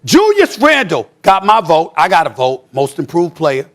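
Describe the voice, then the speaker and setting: A male sports commentator in a heated studio debate, ranting emphatically and often shouting. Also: fairly high pitch, huge pitch swings, normal speed.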